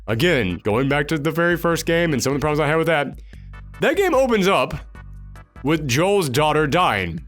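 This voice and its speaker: A man's voice: a little high, animated, fast, a bit bright, faint music behind. A man giving an emphatic, ranting spoiler review of a video game, acting out imagined reactions. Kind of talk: opinionated spoiler discussion.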